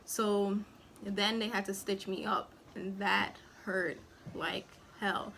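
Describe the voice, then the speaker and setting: A young woman talks in a casual, rambling storytime manner and leans on fillers. She slips into the voices of the people in her story. Her pitch sits in a middle range for a woman. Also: little pitch movement, takes it slowly, gravelly, bright, forceful tone, slight background noise. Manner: chatty, rambling, filler-heavy, acts out quotes. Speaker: vlogger and new mother. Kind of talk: casual storytime while eating.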